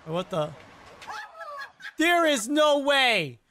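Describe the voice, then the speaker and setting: A bright, clear voice that swings widely in pitch while taking its time. The host reacts to clips in a casual, animated way, exclaiming and inventing lines for the animals, with a faint hiss in the background. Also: extremely slow. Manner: animated, exclaiming and narrating what animals and people think.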